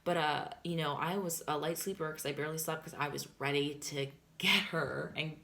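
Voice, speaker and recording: A woman's voice: deep voice, steady tone, fairly quick, gravelly, bright, forceful tone. A young woman vlogging a storytime in a casual, rambling way, full of fillers, swearing and laughter. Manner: chatty, filler-heavy with constant "like", swears and laughs.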